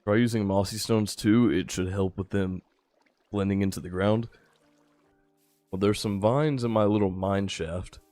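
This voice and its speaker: A tired young man giving relaxed, rambling live-stream commentary while he plays, chatting with his viewers. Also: fairly low pitch, unhurried, no room sound, soft background music. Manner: laid-back, rambling, chats with viewers. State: a little tired. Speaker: gaming streamer.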